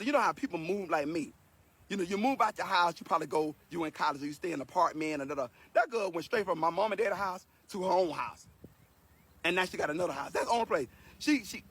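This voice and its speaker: A man's voice: sits high, fairly bright tone, breathy edge. A man giving an earnest, emotional spoken lesson to his viewers in a casual, repetitive way. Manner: earnest and preachy, repeats himself, emotional. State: sweating.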